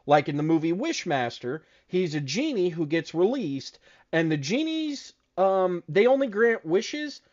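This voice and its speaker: Man, casual chat co-host, swears a lot, animated storytelling, fairly high voice, muffled lo-fi sound. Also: measured pace. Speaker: podcast co-host.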